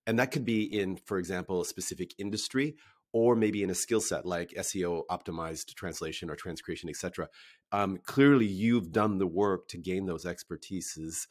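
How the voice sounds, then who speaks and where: A man hosts a casual podcast interview in a low, deep voice. He is upbeat and friendly and leans on easy fillers as he steers the conversation. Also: normal speed. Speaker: podcast host.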